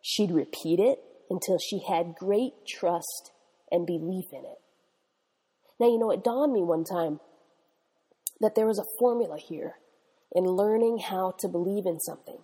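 A woman's voice: on the low side, a little slow, mellow, slightly rough, in a large hall. A middle-aged woman preaching a sermon, emphatic and repetitive, checking in with her listeners. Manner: emphatic, repetitive exhortation with "okay?" tags. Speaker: Bible teacher.

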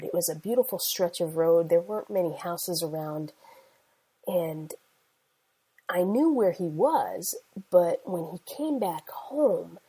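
A woman's voice: fairly low pitch, dark tone, slightly rough, low-quality recording. A middle-aged woman preacher delivering an earnest sermon, telling stories in a conversational way and quoting scripture.

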